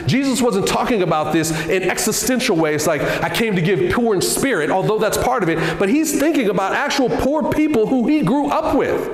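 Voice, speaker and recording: A man speaks to a church gathering in an earnest, conversational way, his pitch swinging up and down as he talks. His voice sits a little high. The sound carries a long, roomy reverb from the hall. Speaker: guest speaker. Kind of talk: church talk. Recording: echoey hall.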